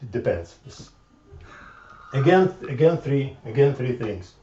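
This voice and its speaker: A man giving an informal math lecture, halting and repeating words as he thinks aloud at the board. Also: mid-range voice, sing-song, dark tone, slight background noise. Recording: echoey room from far off, dull lo-fi sound.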